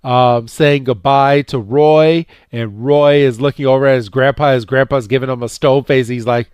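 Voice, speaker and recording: A man co-hosting a podcast, casually recapping a cartoon episode and acting out the characters' lines with a jumpier, higher voice, full of fillers and repeats. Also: normal speed, hardly any pauses, clean tone, no room sound. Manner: animated retelling, acting out characters' lines with raised pitch; many fillers and repeated words. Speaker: podcast co-host.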